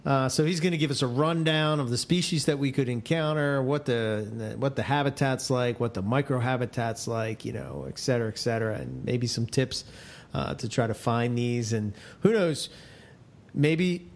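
Easygoing Philly man, mid pitch, casual podcast co-host. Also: expressive, normal speed. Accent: Philadelphia. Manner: laid-back, easy laughs. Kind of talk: casual chat.

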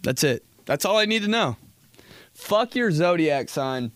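A young man hosts his own podcast solo, his somewhat high, animated, slightly bright voice moving a little slowly in a dry, clean studio recording. He chats casually, telling rambling, jokey stories laced with plenty of swearing.

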